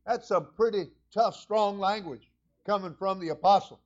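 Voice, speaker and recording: A man with a high-pitched voice delivers a sermon as senior pastor. He moves between quiet, conversational asides and loud, fervent prayer. The recording sounds dull and lo-fi. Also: normal speed.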